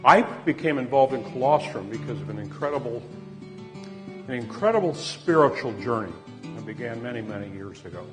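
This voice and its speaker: An older man telling a personal story in an earnest, halting way, often repeating words as he goes. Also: mid-range voice, lively intonation, big-room sound, music in the background. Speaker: speaker giving a personal testimony.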